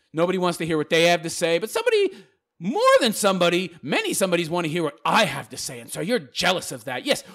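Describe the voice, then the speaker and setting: Brief: high-voiced male vlogger, sarcastic mocking rant, swings all over in pitch. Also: fairly bright tone. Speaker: YouTube commentator. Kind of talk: reacting to viewer comments.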